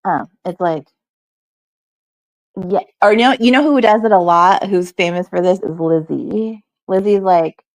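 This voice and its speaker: Stuck at home in the snow, she talks with her stream audience and answers chat messages, rambling and filling gaps with "like" and "um." The voice is fairly low and a little slow, and the audio is dry and poor.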